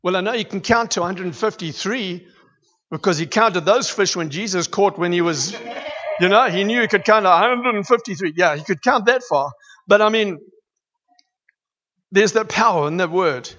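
A man preaching a sermon, emphatic and building to excited declarations. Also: high-pitched, moderate pace. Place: church hall. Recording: reverberant hall, dull lo-fi sound.

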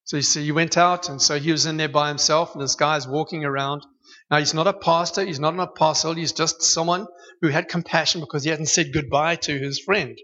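A man preaching a sermon in a church hall, telling stories with lively humor. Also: on the high side, a little fast. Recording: dull echoey hall recording.

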